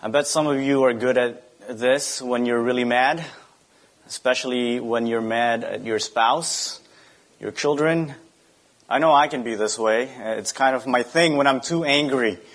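A man's voice: medium pitch, a little slow, a bit bright. A young adult man, a pastor giving a sermon, speaking conversationally with rhetorical questions and asides.

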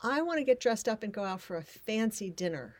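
A middle-aged woman from the United States hosting a podcast with her husband, upbeat and quick to laugh. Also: mid-range voice, no echo. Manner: animated, upbeat, laughs easily. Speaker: podcast host. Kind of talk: casual chat with a scripted intro.

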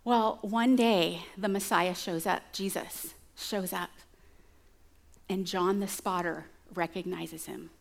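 A woman's voice: fairly low pitch, steady tone, slow pace, vocal fry. A woman preacher giving a conversational sermon, telling stories with chatty asides to her listeners.

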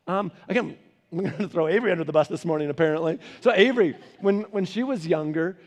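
The recording is muffled as a middle-aged pastor with a high-pitched voice talks quickly through a Bible study. His conversational sermon weaves in family stories, and he animatedly acts out the voices in them.

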